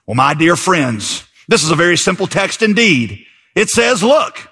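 A man voicing a thin, humble country lay preacher who shouts out his simple message in a drawn-out preaching cadence. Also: fairly high pitch, animated, full character voice. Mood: fervent shouting.

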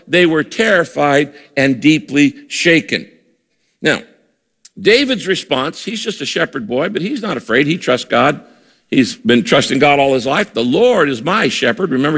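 A man's voice: on the high side, a bit bright. A man preaching a sermon, emphatic and repeating key phrases for effect. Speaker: pastor. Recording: reverberant hall.

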